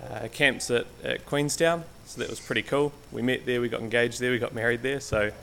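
A man's voice: mid-range voice, fairly even intonation, a little fast, vocal fry, a bit bright, a little hiss or hum. A man giving an informal, hesitant church talk, full of ums and restarts, sometimes stepping away from the mic. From Canterbury, New Zealand. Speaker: guest lay preacher. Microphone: stage microphone, sometimes walking away from it.

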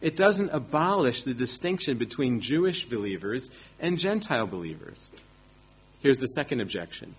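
A man's voice: mid-range voice, big pitch swings, normal speed, breathy edge. A man preaching a sermon, teaching emphatically with rhetorical questions and self-deprecating asides.

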